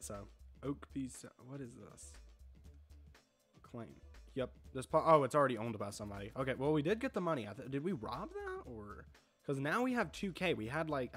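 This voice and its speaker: A man's voice: mid-range voice, a bit bright. Young man, gaming commentary, chatty, confused, laughs a lot, faint music behind. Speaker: gaming video host. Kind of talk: casual gameplay commentary.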